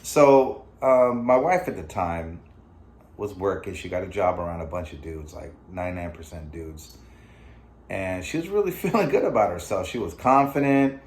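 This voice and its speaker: A man's voice: deep voice, expressive, moderate pace. A middle-aged man hosting his own vlog, telling a personal story in a loose, conversational way with many fillers and asides. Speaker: vlog host. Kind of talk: casual storytelling to camera.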